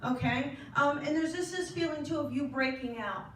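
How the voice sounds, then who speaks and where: Woman, spiritual medium, high voice, chatty, questions the audience, echoey hall. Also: moderate pace, recorded from a distance, a little hiss or hum. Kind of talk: live medium reading to an audience.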